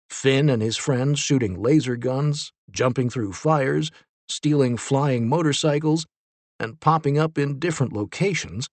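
A man narrating a children's adventure story in a steady, vivid storytelling manner. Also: mid-range voice, gravelly, dry recording.

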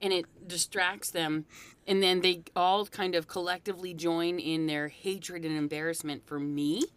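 A woman in casual chat as a podcast co-host, self-deprecating and a little halting. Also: lowish voice, flat delivery, a little hiss or hum.

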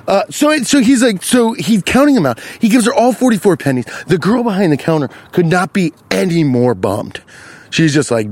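A man telling a rambling comic story with a profane, animated delivery, breaking into loud high-pitched asides, recorded outdoors while walking beside a lake. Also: normal speed.

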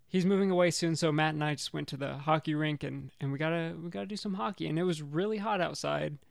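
Young man, higher voice with gravelly fry, dry close sound, rambling self-deprecating teller. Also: quick pace, no room sound. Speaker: podcast co-host. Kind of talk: casual storytelling chat.

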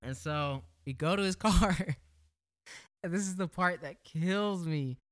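A young man telling a story in casual chat, animated and slangy, swearing freely and laughing as he goes. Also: high-pitched, a little slow.

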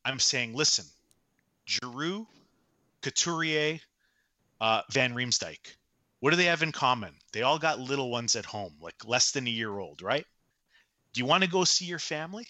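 A man co-hosting a casual sports podcast, talking loudly in animated pep-talk bursts. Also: medium pitch, moderate pace, pauses often, dry recording. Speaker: podcast co-host.

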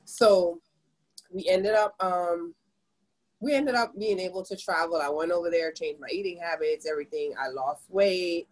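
A woman from the Caribbean in her forties tells her story as a podcast guest, her lowish voice carrying a husky grain. She talks casually and expressively, with big leaps in pitch as she relives moments. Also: normal speed, poor audio. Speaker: podcast guest, business owner.

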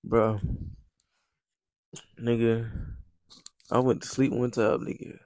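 A young man in casual chat, talking loudly and expressively and swearing freely. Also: medium pitch, takes it slowly, no echo. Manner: loud, expressive, swears a lot.

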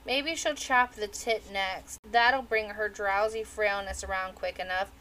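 A woman voicing a sharp-tongued old crone midwife in a storybook reading, scolding and sneering. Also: mid-range voice, steady tone, measured pace, a little hiss or hum, low-quality recording. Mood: mocking.

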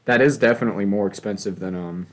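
A young man co-hosting a casual, crude podcast chat, joking loudly and laughing often. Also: on the low side, fast. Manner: loud, joking, laughs often, puts on silly voices. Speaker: podcast co-host.

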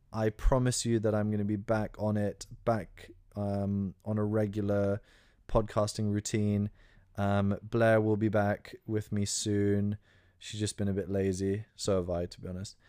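A man's voice: lowish voice, darkish tone, no room sound, studio quality. A young man hosting a solo podcast, talking casually in a crude, sarcastic way with lots of ums. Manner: crude, sarcastic, rambling with many fillers. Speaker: podcast host.

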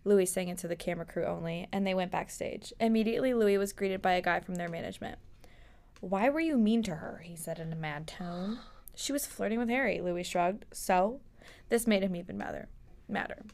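A woman's voice: medium pitch, darkish tone, smooth. Young woman reading fanfiction aloud, playful. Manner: reads aloud with playful put-on quote voices. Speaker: podcast host.

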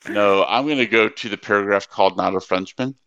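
A man co-hosts a casual book podcast, his lowish voice full of gravelly fry. He talks loosely, with some hesitation, and reads passages aloud. The recording is dry and dull, like a lo-fi mic. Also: a little fast, fairly bright tone. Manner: chatty, hesitant with fillers, reads quotes aloud. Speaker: podcast co-host.

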